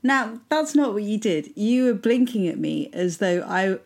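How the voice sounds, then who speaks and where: A woman's voice: mid-range voice, lively intonation, normal speed, vocal fry, darkish tone. Teasing woman co-hosting a comedy chat. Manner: teasing and playfully persistent. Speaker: podcast co-host. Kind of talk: comedic casual banter.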